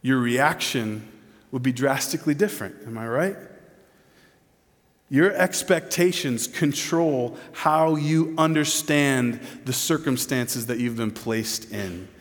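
A man preaching a sermon with earnest intensity. He drops soft and low, then rises loud and pleading. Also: slow. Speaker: pastor. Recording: long reverb of a large hall.

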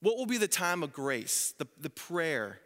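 In a church sanctuary, a pastor in his thirties preaches from the stage in a bright, slightly high, sing-song voice at a measured pace. He tells stories animatedly, putting on voices for the people he quotes, and the hall adds a long reverb.

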